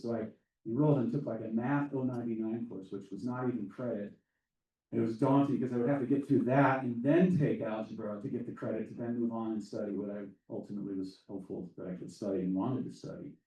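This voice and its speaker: Deep-voiced man telling a story in an echoey room. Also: dark tone, far from the mic. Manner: halting, thoughtful storytelling. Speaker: speaker giving welcoming remarks at a conference. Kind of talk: public speech with a personal story.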